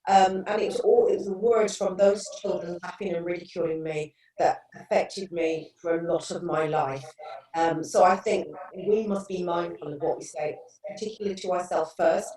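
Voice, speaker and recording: Speaking at a moderate pace, this therapist has a fairly low, steady, dark-toned voice. She's a middle-aged woman from England, a guest in a casual interview who tells stories earnestly and frequently restarts, recorded from a distance in an echoey room.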